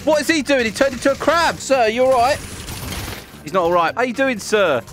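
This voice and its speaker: A young British man giving loud, excitable commentary while playing a game, often shouting and laughing. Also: very high-pitched, fairly quick, a little hiss or hum. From Britain. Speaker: gaming YouTuber. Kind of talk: casual gameplay commentary.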